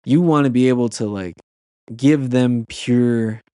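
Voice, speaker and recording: A man's voice: mid-range voice, unhurried, warm tone, clear, resonant tone, no room sound, clean studio sound. A man on a podcast as a guest and youth camp leader, telling a personal story in an earnest way, with many restarts and fillers.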